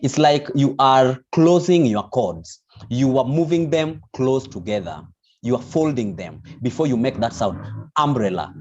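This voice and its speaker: A man's voice: medium pitch, expressive, a little slow, a little mellow. A man teaching an online vocal lesson, explaining patiently with many restarts. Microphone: video call. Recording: dull lo-fi video call audio.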